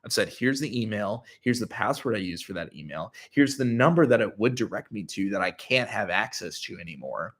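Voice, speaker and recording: A man's voice: fairly low pitch, animated, a little fast, hardly any pauses. A young adult man on his channel, telling a story casually and animatedly, full of filler words. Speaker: YouTuber.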